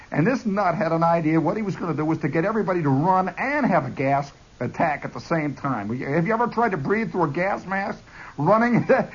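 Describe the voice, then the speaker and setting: A man telling a comic army story in an animated monologue, chuckling and jumping into voices, on a dull lo-fi recording. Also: sits high, husky.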